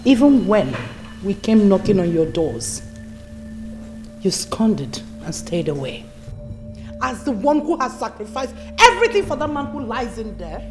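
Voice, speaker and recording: An actress with a Nigerian accent playing the defiant, indignant wife of a sick chief in a Nollywood drama. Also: female voice, mid-range voice, sing-song, unhurried, a little mellow, soft background music. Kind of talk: Nollywood film acting.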